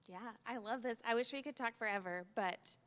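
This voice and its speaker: A woman's voice: fairly high pitch, brisk, fairly bright tone. A woman who is a pastor co-hosts a casual podcast discussion. She is upbeat and keeps the conversation moving. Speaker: pastor and co-host.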